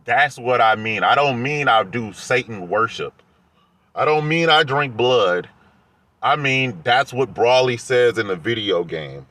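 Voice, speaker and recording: A man's voice: mid-range voice, animated, a little slow, sharp tone. A man vlogging in a heated, defensive rant, airing grievances to his viewers. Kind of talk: casual rant to camera.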